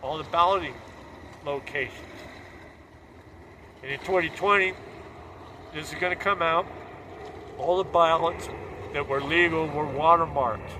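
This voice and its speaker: A man's voice: on the high side, unhurried, long pauses, pushed and bright, slight background noise. A man delivering a fervent, preachy political monologue.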